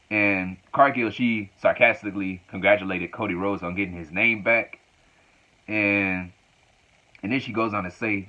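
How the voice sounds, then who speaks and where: Male reviewer, casual and rambling, slightly low voice, muffled lo-fi recording. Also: normal speed, sharp tone. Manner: rambling, repeats phrases while recapping. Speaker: wrestling show reviewer.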